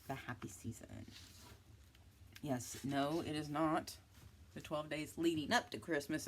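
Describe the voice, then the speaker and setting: A woman's voice: low-pitched, a little mellow, a little hiss or hum. A woman in her fifties chatting casually through a craft haul, self-mocking and prone to giggly asides. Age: 50s. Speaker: craft vlogger.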